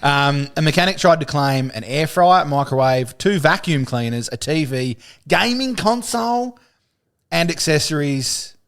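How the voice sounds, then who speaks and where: A man's voice: medium pitch, normal speed, hardly any pauses, fairly bright tone, smooth. An Australian man co-hosting a podcast, rambling with fillers and the odd swear in casual chat. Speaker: podcast co-host.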